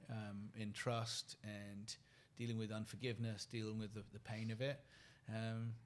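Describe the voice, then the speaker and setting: A British man in his forties, a podcast guest speaking in an earnest, soft-spoken and reflective way. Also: lowish voice, little pitch movement, normal speed, slight background noise. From United Kingdom. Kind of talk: reflective interview conversation.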